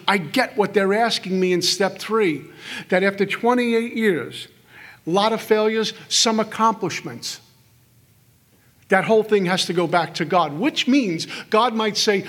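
A middle-aged man speaks to a live audience at a recovery workshop in a hall. His voice sits high and sounds somewhat husky. He tells stories with humor and acts out the voices in his head in quick little scenes. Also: a bit bright. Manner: storytelling, acts out inner voices with quick asides.

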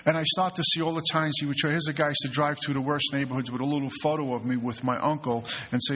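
A middle-aged man with a husky voice gives an earnest recovery talk to a group, telling personal stories with many restarts and stammered fillers. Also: on the high side, steady tone, fast, hardly any pauses, pushed and bright. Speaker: retreat facilitator. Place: mountain retreat hall. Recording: echoey hall recording.

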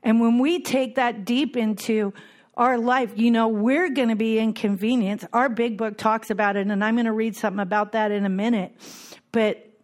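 A woman's voice: a little high, steady tone, normal speed. A middle-aged woman giving a heartfelt personal talk to a group at a recovery meeting, repeating key phrases for emphasis.

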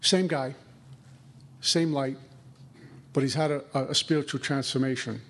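A man's voice: mid-range voice, fairly even intonation, a little slow, breathy edge. A man giving a conversational recovery talk, acting out inner dialogue. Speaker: recovery speaker.

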